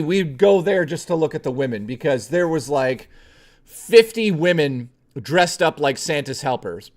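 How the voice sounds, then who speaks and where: A man streaming, telling a personal story in a casual, animated and profane way, often swearing that it is true. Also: fairly high pitch.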